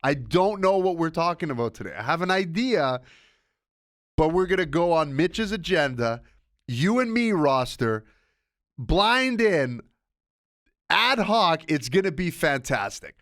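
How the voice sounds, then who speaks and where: A man's voice: a little high, sing-song, measured pace, fairly bright tone, no echo, studio quality. A man hosting a sports podcast alone, talking in a rambling, self-interrupting, casual way. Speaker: podcast host. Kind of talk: casual solo podcast monologue.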